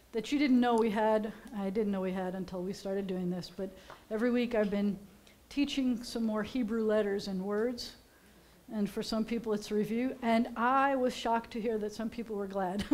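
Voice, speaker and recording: A woman's voice: fairly high pitch, darkish tone. A woman rabbi, chatting playfully as she teaches Hebrew letters at a service. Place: synagogue sanctuary.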